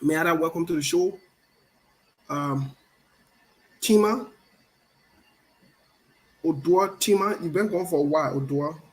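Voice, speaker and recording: High-voiced playful man hosting. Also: unhurried, long pauses, rough recording. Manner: playful, teasing, repeats phrases. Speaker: show host. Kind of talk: casual live-stream chat greeting viewers.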